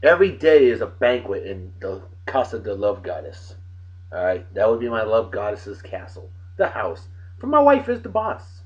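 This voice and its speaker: A man in his forties hosting a casual beer review vlog, with loud, joking, exclamatory banter. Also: on the low side, sing-song, moderate pace, muffled recording. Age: 40s.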